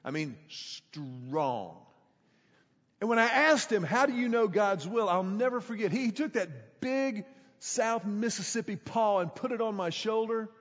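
A middle-aged man, preaching a sermon as a pastor, telling a story emphatically and stretching key words slowly for drama. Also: high voice, a bit bright. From Houston, Texas. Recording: echoey hall, dull sound.

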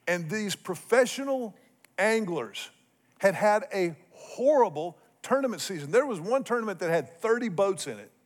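Middle-aged male pastor, lively humorous sermon storyteller, voice a touch high. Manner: animated, humorous storyteller with swings in loudness.

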